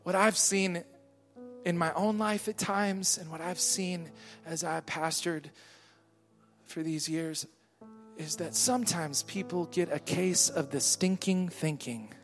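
A man, a pastor, preaching a sermon with call and response to a congregation, swinging between loud shouting and quiet murmuring. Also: fairly high pitch, fairly even intonation, takes it slowly. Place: church hall with a congregation. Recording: live hall with long reverb and soft music.

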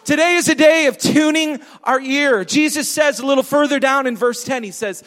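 A pastor preaching a sermon, emphatic and repetitive, asking the congregation questions. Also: male voice, very high voice, moderate pace, a bit bright. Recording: long hall reverb.

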